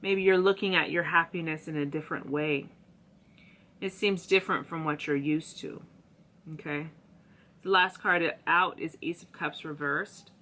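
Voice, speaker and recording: Woman tarot reader, casual and chatty, speaks to viewers in a low, forceful tone. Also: steady tone, moderate pace. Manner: chatty and slangy, talks to viewers.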